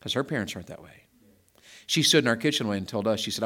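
A middle-aged preacher shares stories in a relaxed sermon style, swinging from quiet asides to emphatic, loud peaks and repeating words often. He has a fairly low, slightly rough voice with lively intonation and a quick pace.

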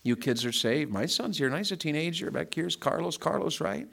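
A middle-aged man preaches conversationally, telling stories and jumping from hushed asides to loud, emphatic build-ups while often repeating words. His voice is on the high side with vocal fry, animated and brisk.

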